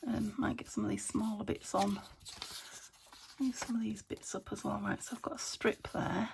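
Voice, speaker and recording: A woman's voice: medium pitch, steady tone, moderate pace, vocal fry, slight background noise. A woman from the UK chatting casually to herself while crafting at home, often dropping to a whisper. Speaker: craft vlogger. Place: home craft room by a window.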